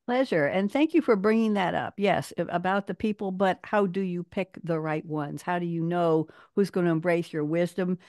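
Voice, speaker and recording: A woman hosting a live online talk show, chatty and animated, laughing often, speaking over a video call. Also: on the low side, normal speed, hardly any pauses, no room sound, clean studio sound. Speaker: host.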